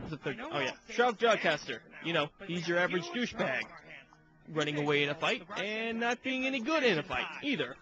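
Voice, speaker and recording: A man voice actor with a high voice chats loosely and jokingly about characters. He sounds a bit off-mic, on a dull, lo-fi recording with a clear background hum. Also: very animated, a little fast. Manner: loose, joking, mimics lines in passing. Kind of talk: casual behind-the-scenes chat.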